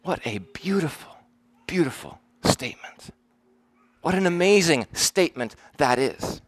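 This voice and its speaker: Preacher, male, fairly high voice, earnest and emphatic sermon delivery. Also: sing-song. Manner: earnest, emphatic, with slow stressed quotes.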